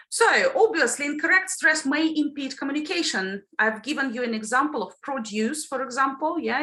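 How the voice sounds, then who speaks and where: Her voice is slightly high, bright and forceful as this teacher trainer runs a phonology class over video call. Patient in her explanations, she regularly checks on her students with a "yeah?" or "right?"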